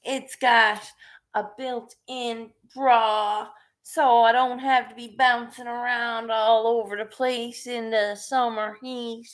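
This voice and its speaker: A woman's voice: a little high, flat delivery, slow pace. A woman chatting casually with viewers on her live stream, laid-back and chatty. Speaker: live stream host and artist.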